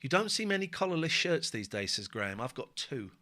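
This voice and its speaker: A man's voice: mid-range voice, sing-song, fairly quick, very noisy. A man hosting a live stream, chatting bluntly and swearing freely as he reacts to a video. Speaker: streamer and host. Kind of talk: casual live-stream commentary.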